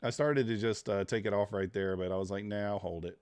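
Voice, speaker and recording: A man's voice: on the low side, fairly even intonation, fairly quick, a little mellow, clean tone, no room sound. A man trading futures live on a stream, talking to himself and to the chat, groaning at each loss and muttering over the charts. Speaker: live-streaming day trader.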